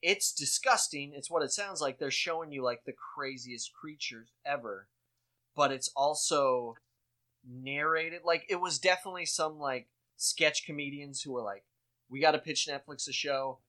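A man, co-hosting a podcast in casual chat, telling jokey stories with lively swooping emphasis. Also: on the high side, normal speed. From Midwestern United States. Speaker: podcast co-host.

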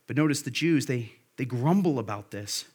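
A man's voice: medium pitch, lively intonation, moderate pace, darkish tone, husky. A man preaching a sermon at a church service, earnest and conversational, repeating key phrases for emphasis. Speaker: pastor.

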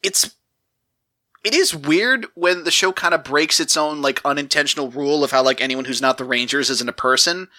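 A man hosting a podcast, recapping a TV episode in a rambling, animated casual chat. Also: fairly high pitch, normal speed, no room sound. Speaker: podcast host.

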